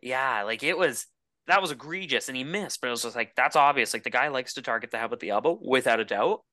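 A man's voice: mid-range voice, fast talker, sharp tone, dry recording. A man co-hosting a hockey podcast in casual chat, emphatic and full of "like" and "dude". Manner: emphatic, filler-heavy, says "dude" and "like". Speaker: podcast co-host.

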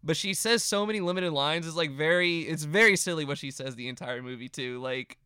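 A man's voice: on the high side, fairly quick, sharp tone, smooth, no room sound, clean studio sound. A male podcast host chatting casually in an upbeat way, laughing often.

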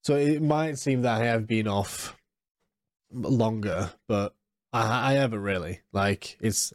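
In a dry, clean studio recording, a thirty-something man chats through a casual solo podcast. His voice is congested and nasal, mid-range, at a measured pace, and he rambles along with plenty of fillers and restarts.

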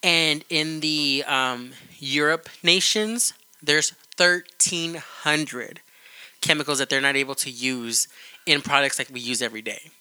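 A man's voice: fairly high pitch, a little slow, pushed and bright, clean tone, dry recording. A young adult man co-hosting a podcast, explaining things in an earnest, rambling way. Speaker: podcast co-host. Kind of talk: casual podcast chat.

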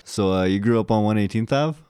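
A man's voice: fairly low pitch, quick pace, a little mellow, clean tone. A man hosting a podcast, laid-back and speaking in short remarks. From Canada. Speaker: podcast host. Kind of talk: casual chat.

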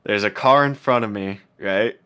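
A young man with a fairly low voice tells a story to his co-host on a podcast mic. He is animated and casual, dropping "dude" and "bro" throughout. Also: normal speed, clean tone. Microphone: podcast microphone.

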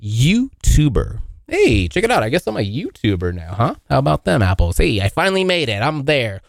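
A man hosting a casual solo podcast, joking and swearing, now and then yelping into high silly voices. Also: normal speed, vocal fry, dry recording, studio quality. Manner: animated, swearing, jokey, yelps into high voices. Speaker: podcast host. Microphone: hot close mic.

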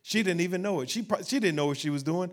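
A man's voice: sits high, quick pace. Man preaching a sermon. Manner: preaching, rising to emphatic peaks with calls like "Amen?". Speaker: pastor.

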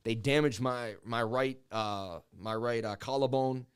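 A man who hosts a market livestream, telling a wild personal story in an excited, repetitive way while speaking straight to viewers. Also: mid-range voice, unhurried, smooth. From Boston area, US. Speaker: crypto market streamer.

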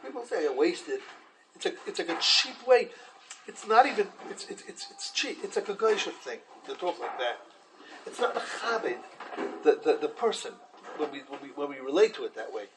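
A man teaching a Torah class in an animated way, restarting often and acting out quotes. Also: a little high, normal speed, background noise.

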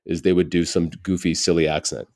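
A man's voice: sits low, flat delivery, fairly quick. An American man in his forties, a comedian telling candid stories in a casual interview, peppering his talk with "you know.". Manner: candid, reflective storytelling with frequent "you know". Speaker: stand-up comedian, guest.

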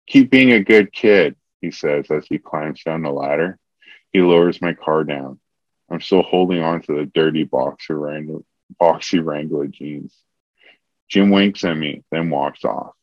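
Deep-voiced man reading comic erotica. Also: steady tone, unhurried, no room sound, dull audio. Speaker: comedian reading his own erotica. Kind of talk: comedic reading of a written story.

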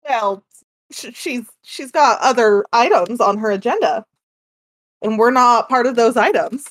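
A woman co-hosting a casual chat, teasing her partner with quick quips. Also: fairly high pitch. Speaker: podcast co-host.

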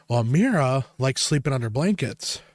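A man in relaxed conversation, spinning rambling stories with blunt, profane humor. His voice sits at an ordinary middle pitch. The sound is close and dry, with no room in it. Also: moderate pace, no room sound. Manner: casual, profane, animated when quoting himself. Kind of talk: casual storytelling chat.

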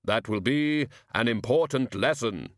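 A man voicing Death standing in as a gift-giver, speaking slowly and solemnly. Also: medium pitch, no room sound, clean studio sound, lightly acted. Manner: slow, measured, solemn. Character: Death as a grave, slow male gift-giver.

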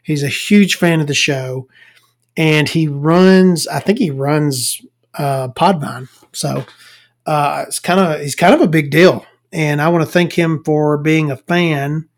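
A woman's voice: deep voice, takes it slowly. A woman hosts her podcast in a loose, rambling monologue. She swears freely and stumbles over words as she goes. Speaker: podcast host.

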